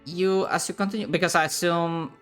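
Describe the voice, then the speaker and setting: A man narrating as game master of a tabletop game, with frequent fillers and pauses. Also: fairly high pitch, fairly even intonation, fairly bright tone, faint music behind. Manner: hesitant, filler-heavy narration.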